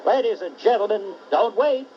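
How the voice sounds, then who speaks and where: A man's voice: high voice, expressive, moderate pace, slight background noise. A man doing a comic radio bit, brash and mocking, needling with repeated jabs. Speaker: comedian guest. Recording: dull lo-fi talk radio recording.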